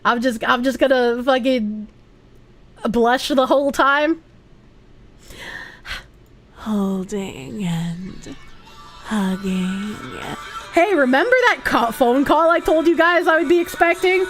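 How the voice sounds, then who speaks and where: A woman's voice: high-pitched, moderate pace, a bit bright, faint music behind. A woman streamer chatting casually and bluntly as she reacts to posts, swearing freely and laughing often.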